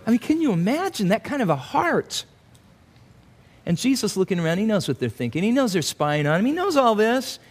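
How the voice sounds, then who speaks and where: A male pastor gives an expository sermon in a fairly high voice. He is animated and breaks into little acted-out voices for the people in his asides. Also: brisk, husky, some chatter behind.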